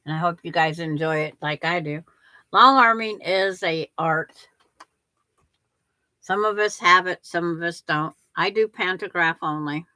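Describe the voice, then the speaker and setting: Older woman, livestream host, chatty and rambling; slow pace, somewhat low pitch. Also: sharp tone, no room sound. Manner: chatty, rambling, restarts sentences. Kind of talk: casual livestream chat with viewers.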